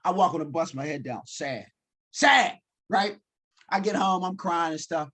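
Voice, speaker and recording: Husky animated storytelling man. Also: on the high side, unhurried. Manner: animated storyteller, acts out his own quotes. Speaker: keynote speaker. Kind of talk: storytelling talk.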